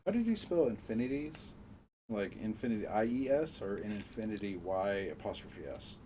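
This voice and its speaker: Deep-voiced easygoing man, lots of ums. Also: sing-song, warm tone, slight background noise. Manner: easygoing, halting with many ums. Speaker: stream co-host. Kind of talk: casual stream chat.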